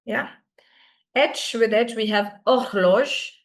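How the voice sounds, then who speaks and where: A woman's voice: on the high side, normal speed. Patient woman teaching French pronunciation. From India. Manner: patient, repeats words for students to echo. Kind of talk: live online class teaching pronunciation.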